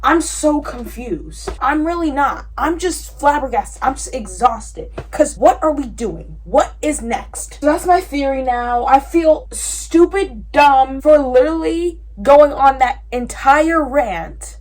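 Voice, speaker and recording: A woman reacting to a book in a casual reading vlog, animated and exasperated, swinging between loud outbursts and tired mumbling. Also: high-pitched, takes it slowly, few pauses, slight background noise. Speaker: book vlogger.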